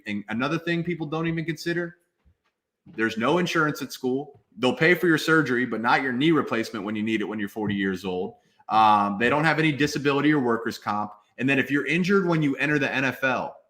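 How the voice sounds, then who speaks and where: A man's voice: medium pitch, a bit bright. A man in his twenties, a former football player, talking emphatically as a guest in a casual interview.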